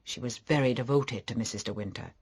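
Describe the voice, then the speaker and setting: A man's voice: mid-range voice, fairly quick, breathy edge. A man voicing an old, devoted butler in an audiobook, polite and deferential. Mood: respectful.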